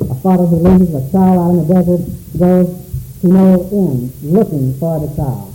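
A man's voice: sits high, moderate pace, mellow, roomy sound, soft background music, low-quality recording. A man preaching a sermon in a church, calling out questions dramatically to the congregation. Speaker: pastor.

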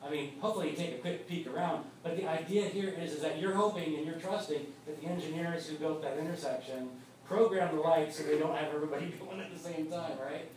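A man's voice: fairly high pitch, steady tone, quick pace, a little mellow, a little hiss or hum. Pastor guy giving a chatty sermon, big echoey hall, mic kinda far off. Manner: conversational, repeats words when starting a thought.

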